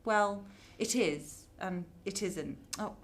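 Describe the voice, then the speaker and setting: An actress playing a young woman, meek and quiet when she answers the AI and cheerful when she talks to her mother, in a radio drama. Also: mid-range voice, slow pace, lightly acted. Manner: meek with the AI, bubbly with her mum. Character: young woman under an AI's control.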